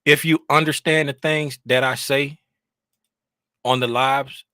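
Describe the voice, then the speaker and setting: A man hosting a casual trading livestream from his home desk, rambling and animated, getting loud when he is fired up. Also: medium pitch, takes it slowly, dry recording, clean studio sound.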